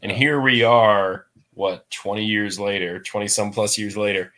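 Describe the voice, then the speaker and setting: A man's voice: lowish voice, steady tone, a little slow, bright, forceful tone. A man chatting casually on a podcast, making emphatic, wry points. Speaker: podcast guest. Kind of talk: casual chat.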